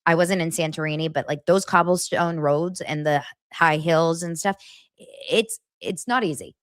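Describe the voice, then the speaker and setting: A woman hosting a podcast, recapping reality TV in a casual, gossipy way and slipping into high mimicking voices. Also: moderate pace, no echo, studio quality. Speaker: podcast host.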